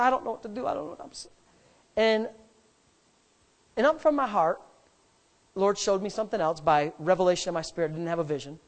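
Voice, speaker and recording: Brief: middle-aged male pastor, high-pitched, emphatic and rambling as he tells a story from the pulpit. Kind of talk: sermon storytelling.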